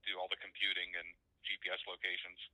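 Male guest, low-pitched, crisp bright tone, matter-of-fact explainer. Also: completely flat delivery, fast, no echo, low-quality recording. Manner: matter-of-fact, explains step by step with many uhs. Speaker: guest, paramotor pilot and electronics builder. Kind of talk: technical explanation in an interview.

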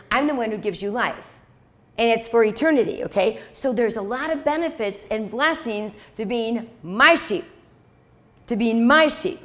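A woman preaching a sermon in a conversational way, repeating key lines and checking in with "okay?" and "right?". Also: fairly high pitch. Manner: acts out short dialogues in quoted voices.

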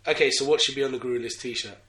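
A young man cracks jokes and slangy asides as a podcast host, laughing easily. His voice has a bright, crisp edge. He sounds a bit away from the mic in an echoey room. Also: medium pitch, fairly even intonation, racing, recorded from a distance. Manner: joking, slangy, laughs often. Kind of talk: casual podcast banter.

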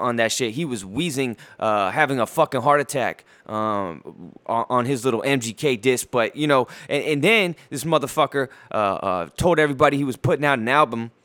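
A man's voice: mid-range voice, fairly bright tone. A man hosting a podcast, ranting crudely with constant stammers and filler words in a mocking gossip style. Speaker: podcast host. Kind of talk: profane gossip rant.

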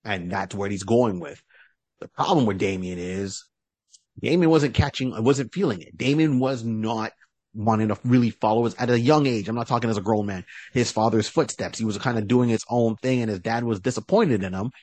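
A man co-hosting a podcast, casually retelling a comic book story in an animated way and slipping into short character voices. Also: fairly low pitch, moderate pace, no room sound. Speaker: podcast co-host.

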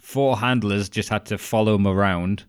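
Brief: man, low-pitched, blunt and sweary, joking podcast banter. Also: fairly even intonation, normal speed, smooth. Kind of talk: casual chat.

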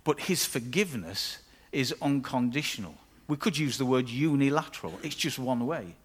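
Conversational preacher. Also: male voice, medium pitch, animated, normal speed, husky. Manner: conversational, with playful asides. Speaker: pastor. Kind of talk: sermon.

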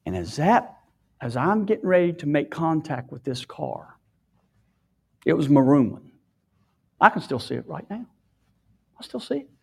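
A tearful man sharing an emotional personal testimony, often dropping his voice to a hushed whisper. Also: fairly high pitch, very animated, normal speed, creaky, pauses often, breathy edge.

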